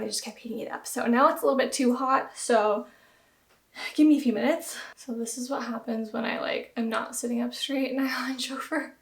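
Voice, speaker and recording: Young Southern woman vlogger, self-deprecating casual chat, recorded in a roomy echoing room. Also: on the high side. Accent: American Southern. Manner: chatty, self-deprecating, giggly. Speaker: beauty vlogger. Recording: roomy echo.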